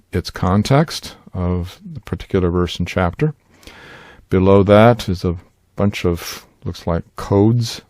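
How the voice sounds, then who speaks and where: A man, likely older, teaching in an unhurried, explanatory way with frequent fillers, in a screen-share tutorial recorded close to a desk mic. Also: low-pitched, a little mellow, no room sound. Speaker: Bible language teacher.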